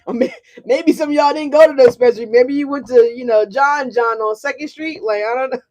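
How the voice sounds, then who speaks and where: A woman's voice: high voice, fairly quick, darkish tone. A woman doing a casual tarot reading for her viewers, chatty and profane, often asking "right?". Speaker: tarot card reader.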